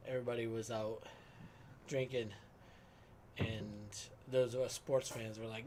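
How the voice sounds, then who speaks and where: A man's voice: mid-range voice, little pitch movement, unhurried, long pauses, darkish tone, slight background noise. A man in his late thirties, co-hosting a sports podcast live stream, joking and riffing casually over beers. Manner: joking, banters and riffs. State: drinking beer while talking. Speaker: podcast co-host. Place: home live stream setup.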